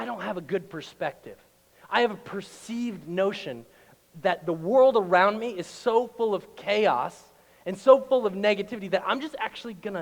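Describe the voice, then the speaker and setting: Male pastor, slightly high voice, casual preaching that builds to emphatic peaks, long church reverb. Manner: conversational preaching, rising to loud emphatic passages. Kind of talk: sermon. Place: church auditorium.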